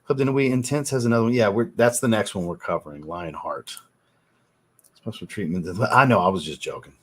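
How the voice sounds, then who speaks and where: A man hosting a casual fragrance livestream, thinking out loud and answering viewers' chat messages as he goes. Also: lowish voice, a little fast.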